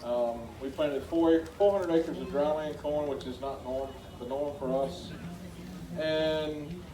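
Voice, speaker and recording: A man's voice: fairly high pitch, warm tone, a little hiss or hum. A middle-aged man with a South Georgia accent, a farmer giving a chatty talk to a live audience and asking them questions. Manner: folksy, chatty, asks the crowd questions. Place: meeting hall before an audience. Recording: echoey room, heard from a distance.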